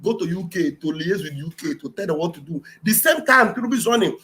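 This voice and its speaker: A woman with a Nigerian Igbo accent giving fiery, rhetorical political commentary on a livestream, often rising to shouts. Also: on the low side, animated, fast talker. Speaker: livestream host.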